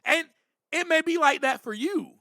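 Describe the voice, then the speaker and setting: A man's voice: extremely high pitch, animated, measured pace, pushed and bright, dry recording, clean studio sound. A man hosting a podcast, giving earnest, reflective spiritual recovery talk, with frequent "you know" and bursts of emphasis. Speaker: podcast host.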